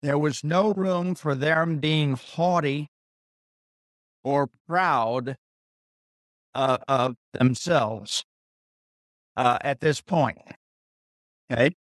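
Man, Bible teaching, very slow pace, higher voice, dry close sound, repeats phrases. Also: no room sound. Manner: deliberate, pausing, repeats key phrases.

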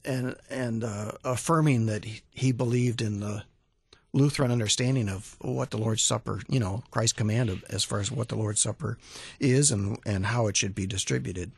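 A man, a museum director, talking as a guest in a radio studio interview, halting with many fillers and restarts. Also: fairly low pitch, vocal fry, husky, no room sound. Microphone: studio microphone.

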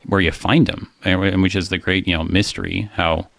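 A man's voice: low-pitched, steady tone, fairly quick, gravelly, fairly bright tone, dry recording. A man co-hosting a casual discussion of a psalm, thoughtful and full of fillers and restarts.

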